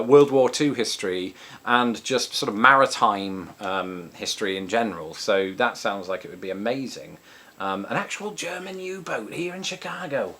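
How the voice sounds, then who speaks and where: A man's voice: fairly low pitch, fairly bright tone. An Englishman with an English accent, chatting casually as a vlogger answering viewer questions, with many ums and restarts. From England. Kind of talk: casual chat. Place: home in Chicago.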